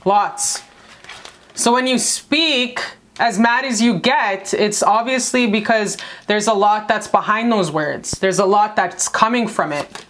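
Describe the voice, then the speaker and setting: A woman's voice: mid-range voice, takes it slowly, a bit bright, a little hiss or hum. A woman giving a casual tarot reading to her viewers, effusive and affectionate, with lots of profanity and emphatic repetition. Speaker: tarot card reader.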